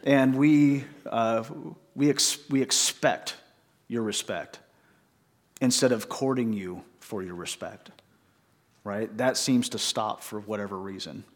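A man's voice: on the low side, slow pace. A man preaching a sermon in church, conversational, with many rhetorical questions to the congregation. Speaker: pastor.

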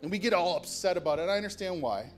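A man's voice: high-pitched, animated, quick pace, faint music behind. A man preaching as a pastor, emphatic, with repeated phrases and restarts. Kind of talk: sermon. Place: church sanctuary.

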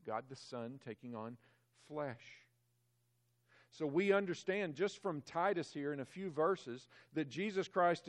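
A man preaches a sermon as a pastor, speaking emphatically. His voice swells louder on key phrases and drops low and quiet on others.

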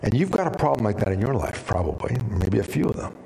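A man preaching a sermon as pastor, animated and storytelling, with sudden drops to a hushed voice. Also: fairly low pitch, fast talker, vocal fry. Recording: reverberant hall.

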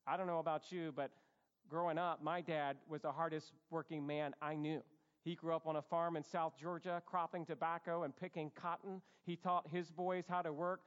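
A man preaching a sermon as a pastor, animated and conversational. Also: on the high side. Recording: echoey hall, dull sound.

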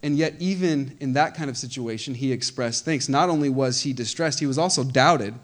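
A man preaching a sermon as pastor, impassioned and repeating phrases as he builds to loud emphatic peaks. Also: medium pitch, a little fast.

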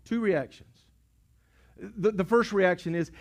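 High-pitched preacher with a drawl. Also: male voice, moderate pace. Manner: preaching in swells from hushed to shouting, repeats words. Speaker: pastor. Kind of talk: sermon. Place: church sanctuary. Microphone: pulpit mic.

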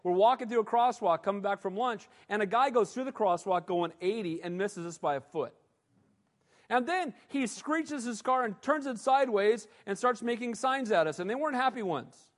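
A man's voice: sits high, animated, normal speed. A male pastor preaching a sermon in a conversational style, often asking the congregation "amen?". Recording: long hall reverb.

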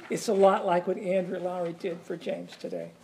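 A man's voice: high voice, level tone, normal speed, a little mellow, slight background noise. A man teaching a Bible study in a sermon style, reading scripture aloud and explaining it earnestly with frequent restarts.

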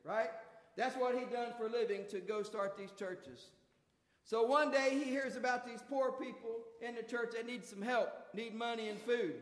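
A preacher tells his sermon as a folksy, colloquial story. His voice is pitched very high, and it rings through a big church hall with a long, lingering reverb. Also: a bit bright.

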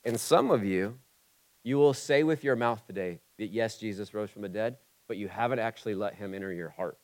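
A man of about forty from Ohio preaching a sermon. He moves between loud, urgent emphasis and quiet, intimate asides, with a conversational, humorous touch. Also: fairly low pitch, fairly quick, low-quality recording. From Ohio, USA. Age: 40s. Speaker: pastor.

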